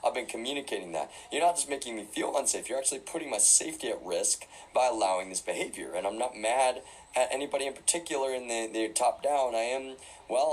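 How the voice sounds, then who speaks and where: A man's voice: mid-range voice, slightly rough, poor audio. A man talking through a live stream in a rambling way, full of fillers and restarts. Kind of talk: casual live-stream monologue.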